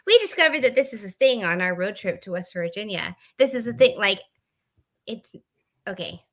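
Animated, giggly woman podcast host. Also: mid-range voice, moderate pace. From US South. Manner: giggly and animated, laughs often. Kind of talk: casual podcast chat.

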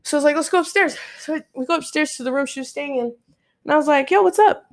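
Telling a story in casual chat, a young woman speaks at a quick pace in a high voice. She swears freely and animatedly performs other people's lines in their own voices.

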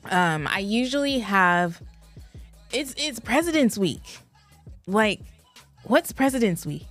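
A woman in her thirties co-hosting a podcast, telling a story in an animated way and laughing often. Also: medium pitch, slow, soft background music. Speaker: podcast co-host. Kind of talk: casual chat.

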